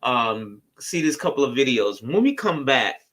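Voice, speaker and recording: Bright-voiced rambling male co-host. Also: medium pitch, very animated, moderate pace. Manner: loose, rambling, playful. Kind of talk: casual chat.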